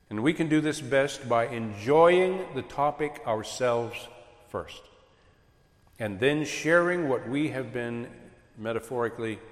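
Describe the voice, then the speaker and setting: A man preaching earnestly to a congregation about raising children, animated as he makes his points. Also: mid-range voice. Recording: echoey hall with long reverb.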